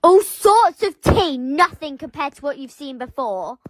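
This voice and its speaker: High, expressive woman narrating. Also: a little slow, background noise. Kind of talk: relatable commentary narration.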